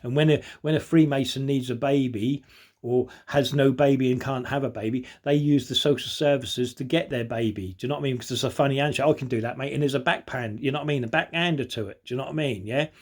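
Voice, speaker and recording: A man's voice: mid-range voice, fast. A man, talking to camera in a rambling, conspiratorial way as he reads out a list and keeps checking that the listener follows. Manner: conspiratorial, repeats "do you know what I mean". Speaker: vlogger. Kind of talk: rambling monologue reading out a list.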